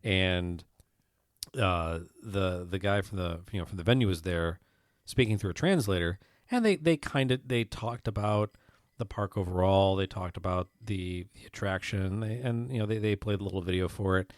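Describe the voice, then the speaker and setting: A man co-hosting a podcast, chatting casually and stumbling through excited restarts as he tells a story. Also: low-pitched, moderate pace, no echo, studio quality. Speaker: podcast co-host. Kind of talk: casual chat.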